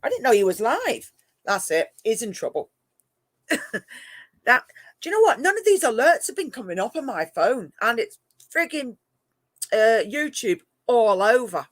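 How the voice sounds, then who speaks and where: Chatting casually to live-stream viewers, a middle-aged host and moderator from England laughs often and speaks to pet cats, in an accent mixing northern and southern English. The medium-pitched voice swings widely in pitch and goes a little slowly with long pauses, and there's no room sound.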